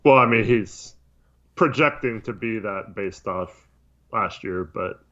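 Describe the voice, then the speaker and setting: A man co-hosting a casual sports podcast, talking in a measured, hedging way. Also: fairly low pitch, a bit bright. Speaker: podcast co-host. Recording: dull lo-fi mic.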